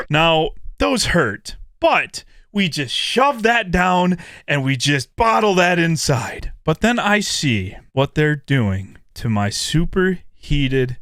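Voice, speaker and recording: A young man venting in a candid gaming vlog, animated and profane, swinging into loud mock-dramatic outbursts. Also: mid-range voice, slow, hardly any pauses, clean tone, no echo, clean studio sound. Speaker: gaming YouTuber.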